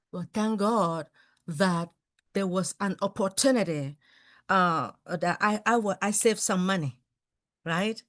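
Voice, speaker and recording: Lively high-voiced woman telling stories. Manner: animated storytelling with many asides. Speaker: guest speaker. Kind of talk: casual talk-show chat. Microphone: video call.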